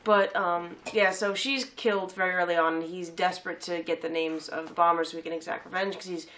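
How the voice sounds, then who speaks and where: A woman's voice: fairly low pitch, a little fast. A woman chatting about a film, telling stories animatedly and acting out her coworkers. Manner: animated storytelling, acts out coworkers. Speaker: co-host. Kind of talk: casual film review chat.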